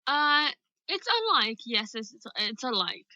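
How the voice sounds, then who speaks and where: A young woman with a Birmingham accent, hosting a livestream and chatting casually with callers in short, relaxed answers. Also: a little high, takes it slowly, no room sound, highs cut off. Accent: Birmingham English. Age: young adult. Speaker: livestream host.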